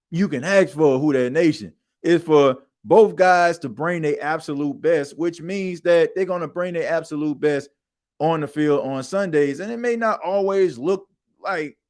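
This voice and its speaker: A man hosts a sports talk podcast. He rants in an emphatic, colloquial way, and his voice sits a little high for a man. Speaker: podcast host. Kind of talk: animated sports talk monologue.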